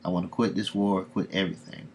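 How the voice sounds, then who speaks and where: A man's voice: low voice, fairly even intonation, fast talker, slight background noise. A man reading an earnest young brother.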